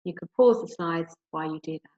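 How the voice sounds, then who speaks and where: A teacher with an English accent reads a story aloud to her class, then talks it through in a gentle, encouraging way. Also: lowish voice, a little fast. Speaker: primary school teacher. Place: home room. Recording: roomy, dull home recording.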